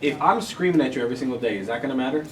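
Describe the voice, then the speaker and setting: A man who teaches, chatting candidly on a podcast and explaining how he handles students with quick anecdotes. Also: medium pitch, animated. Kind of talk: casual podcast chat. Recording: distant mic with room noise.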